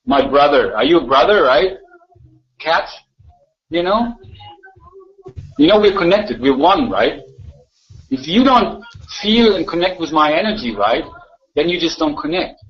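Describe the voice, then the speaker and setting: Man with a high voice, argumentative and mocking, live voice chat rant, dull lo-fi audio. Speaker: chat room speaker.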